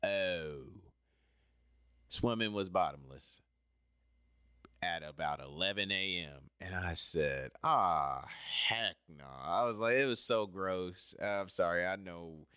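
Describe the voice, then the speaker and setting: A man's voice: low voice, takes it slowly, bright, forceful tone, clear, resonant tone, no echo, clean studio sound. A man telling a personal story in a casual, rambling way, talking straight to the listener and apologizing when he drifts off topic. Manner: chatty, talks straight to the listener.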